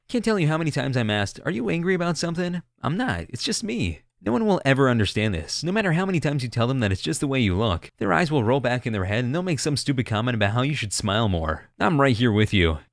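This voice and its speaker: Fast, animated male story narrator. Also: medium pitch, no room sound, clean studio sound. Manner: quick, animated, wry, jumps into quoted voices. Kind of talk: reading online stories aloud.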